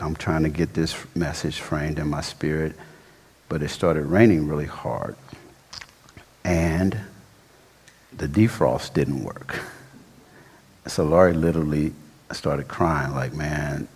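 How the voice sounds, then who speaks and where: A pastor tells a story from the pulpit in a loose, slangy, animated way. His voice sits very low with a husky edge, and it rings through a reverberant church hall. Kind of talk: sermon storytelling.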